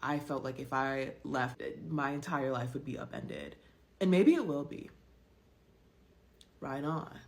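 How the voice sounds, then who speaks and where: A woman who quit her corporate job, talking in a blunt, profane, animated rant. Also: low voice, moderate pace. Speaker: ex-corporate worker. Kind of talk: casual social video rant.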